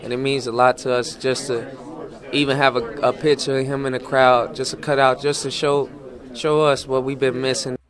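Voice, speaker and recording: Young basketball guy talking flat and steady, loud crowd going behind him. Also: mid-range voice, moderate pace. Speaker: college basketball player. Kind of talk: interview.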